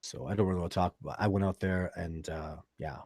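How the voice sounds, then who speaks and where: A Canadian man hosting a live stream and answering viewer questions in a relaxed, chatty way. His voice sits fairly low and has a mellow, dark tone. He swings between bursts of loud excitement and soft, thoughtful asides, recorded close and dry with no room sound. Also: fast, breathy edge, no room sound. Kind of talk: casual live-stream chat.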